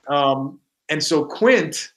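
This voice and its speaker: A man with a somewhat high voice tells casual stories on a podcast. He is a broadcaster guest and slips into quoted lines from his coworkers with animated energy. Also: extremely slow. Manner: animated anecdotes, acting out quoted colleagues. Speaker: guest sportscaster.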